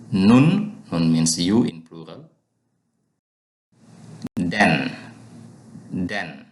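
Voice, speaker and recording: A man's voice: low-pitched, roomy sound. A man teaching a language lesson, patiently repeating each word for learners to drill.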